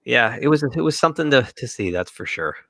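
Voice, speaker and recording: A man's voice: medium pitch, a little fast, gravelly, no echo. A man co-hosting a casual pop culture livestream, telling a story with plenty of swearing and acted-out quotes. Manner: animated storyteller, swears freely, acts out quotes. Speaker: podcast co-host.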